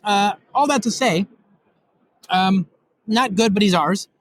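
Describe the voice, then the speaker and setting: A man guest giving a casual technical demo, excitable and rambling with lots of fillers. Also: sits high, slow pace, no room sound, low-quality recording. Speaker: guest developer demonstrating software. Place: recorded in Europe.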